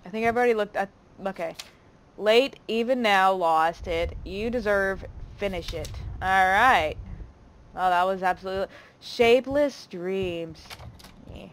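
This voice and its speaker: A woman's voice: medium pitch, measured pace, slight background noise. A woman hosting a horror game let's play, talking through it in a jumpy, jokey way and swearing freely. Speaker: gaming channel host.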